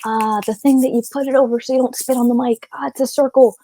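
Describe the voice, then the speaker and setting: Giggly, gushing woman with a brightish voice. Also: high voice, fairly even intonation, fast talker, dry recording. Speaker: voice actor being interviewed. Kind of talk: casual interview chat.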